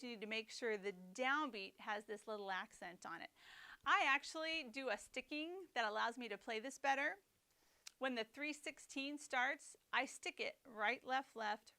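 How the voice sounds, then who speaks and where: A woman teaching a snare drum etude, explaining rhythm and phrasing in a clear, methodical way. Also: on the high side, pushed and bright. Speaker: percussion teacher. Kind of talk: instructional lesson.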